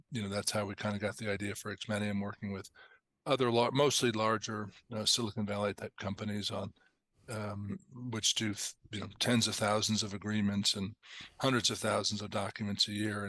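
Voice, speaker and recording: A middle-aged man, a company founder as a podcast guest, explaining in a measured way and clearing his throat now and then. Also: fairly low pitch, flat delivery, bright, forceful tone, no room sound. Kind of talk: casual podcast interview.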